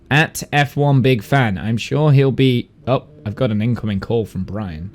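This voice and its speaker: A man's voice: fairly low pitch, slow pace. A man streaming live who chats through a racing game in a rambling way, laughing and swearing. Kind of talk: live gameplay commentary.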